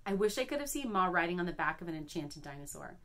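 Woman reading a kids chapter book out loud, really animated, voice swoops up and down. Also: on the low side, fast talker. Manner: expressive, animated storytelling. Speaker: reader at a school.

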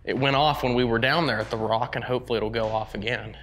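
A man's voice: mid-range voice, quick pace, a little hiss or hum. Nasal, stuffy-voiced male ghost hunter. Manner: excited, narrating readings aloud. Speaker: paranormal investigator host. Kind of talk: ghost-hunting commentary.

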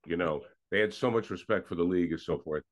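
A man's voice: low voice, fast. A man co-hosting a sports podcast in casual, enthusiastic chat that sometimes trails off mid-thought. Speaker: podcast co-host.

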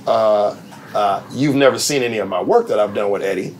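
Animated middle-aged man telling backstage stories. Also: fairly low pitch, brisk, a little hiss or hum, rough recording. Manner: animated, laughs mid-story, acts out the people he quotes. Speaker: TV writer and producer. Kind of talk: casual anecdotal storytelling.

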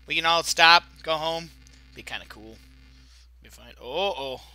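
A man's voice: on the high side, unhurried, sharp tone, clear, resonant tone. A young man hosting a let's play, giving joking, chatty commentary on a video game.

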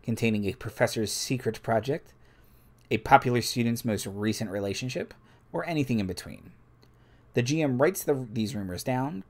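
Man reading game rules aloud, low-pitched. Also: a little mellow. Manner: reads rules aloud with asides to the chat. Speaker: game master and stream host.

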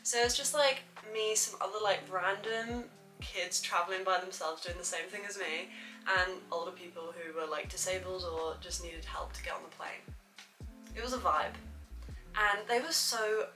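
A woman's voice: on the low side, moderate pace, over music, rough recording. A young woman, telling stories casually to camera as a vlogger, with lots of "like" fillers. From England. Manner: chatty, says "like" a lot.

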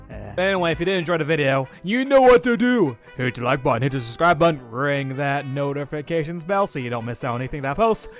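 A man giving let's play commentary on a horror game, excitable and prone to panicky yelps. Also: a little high, fairly quick, faint music behind. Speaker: gaming YouTuber.

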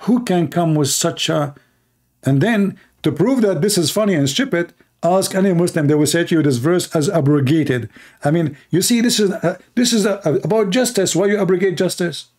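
A man's voice: on the high side, expressive, normal speed, darkish tone. A man in a live-streamed religious debate, mocking and sarcastic, who laughs at his own jabs, reads passages aloud and acts out the voices he quotes, speaking English with non-native grammar. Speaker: online debater.

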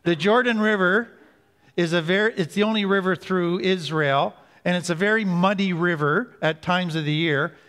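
A man giving an earnest teaching talk on recovery, slowing down to stress key points. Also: high-pitched, fairly bright tone. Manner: earnest, slows down for emphasis. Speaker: recovery speaker. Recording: hall reverb.

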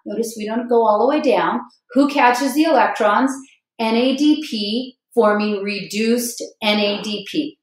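A woman's voice: on the high side, moderate pace. A woman biology teacher giving an upbeat, chatty lesson, often checking in with "okay?", and chanting a memory song with hand motions. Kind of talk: recorded classroom lecture with song. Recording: echoey room.

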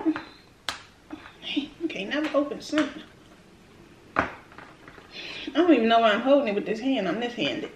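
High-voiced woman chatting through an eating show. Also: unhurried, pauses often, roomy sound, background noise. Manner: chatty, slangy, talks to viewers while eating. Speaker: food vlogger. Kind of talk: casual eating-show chat.

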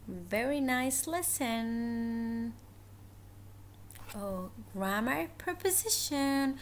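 A woman teacher talks to small children in a very slow, deliberate way and repeats each word carefully. Her voice sits a little high, and her pace is patient and encouraging. A faint hum of room noise runs underneath. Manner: encouraging, repeats words slowly and clearly. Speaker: first-grade English teacher. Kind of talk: slow, simple lesson for young children.

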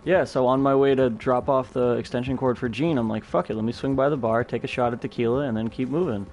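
A man's voice: mid-range voice, fairly even intonation, fast talker, darkish tone, faint music behind. A man streaming a game, chatting casually with friends and telling a story with swearing and laughs. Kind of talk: casual gaming chat.

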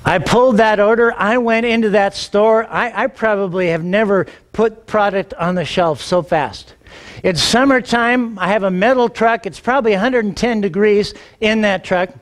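A middle-aged man, a pastor, telling a personal story in a sermon, animated and acting out the dialogue, often repeating words as he gets going. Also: high voice, moderate pace. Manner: animated, acts out quoted dialogue, repeats words when excited.

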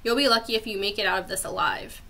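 A woman's voice: mid-range voice, gravelly, pushed and bright. Give me a woman playing an impatient, sarcastic girl adventurer. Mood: sassy. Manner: sarcastic and brisk.

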